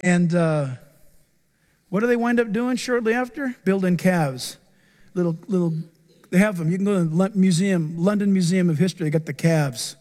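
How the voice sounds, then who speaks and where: A middle-aged male pastor preaching a sermon in an animated, joking way. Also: high voice, normal speed. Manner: animated, joking, acts out quoted voices.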